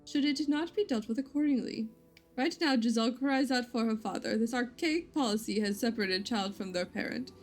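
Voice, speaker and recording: A woman reading a game letter aloud as a pompous, indignant gentleman, using a put-on accent. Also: a little high, brisk, soft background music, lightly acted.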